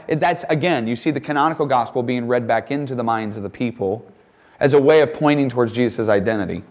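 A man teaching a Bible lesson, reading passages aloud and acting out quoted lines with animated voices. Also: medium pitch, a little fast.

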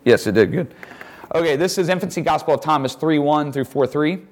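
A man teaching a Bible lesson, reading passages aloud and acting out quoted lines with animated voices. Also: a little high, fairly quick.

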